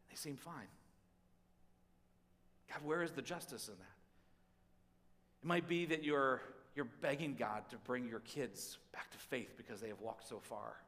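A man preaching a sermon, voicing prayers aloud and swinging between pleading and hushed tones, often repeating words as he goes. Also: a little high, animated, unhurried, long pauses, big-room sound. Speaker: pastor.

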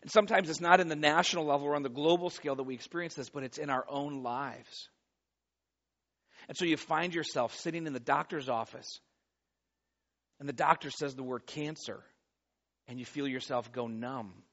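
A man preaching a sermon, pleading loudly and then dropping to a hush, often repeating words as he goes. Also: fairly high pitch, moderate pace. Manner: impassioned, swings from loud pleading to hushed. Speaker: pastor. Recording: dull lo-fi recording.

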